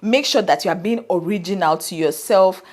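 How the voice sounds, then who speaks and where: A woman with a Nigerian accent, a fashion YouTuber chatting casually to camera. She talks freely and keeps checking in with her viewers through "right?" and "okay?" as she speaks into a boom-style camera mic. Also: moderate pace, darkish tone. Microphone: boom-style camera microphone.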